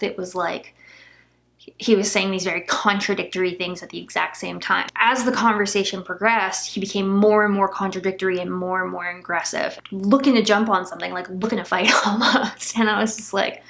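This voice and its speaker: A woman's voice: mid-range voice, fairly bright tone. A young woman vlogger candidly recounting a painful family argument, emotional and close to tears at times. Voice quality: gravelly fry. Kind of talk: candid personal vlog storytelling.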